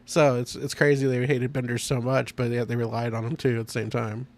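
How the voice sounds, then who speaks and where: A man's voice: medium pitch, level tone, a little fast, darkish tone. A man hosting a casual podcast, talking with enthusiasm, rambling and laughing often. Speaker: podcast host. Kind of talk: casual chat.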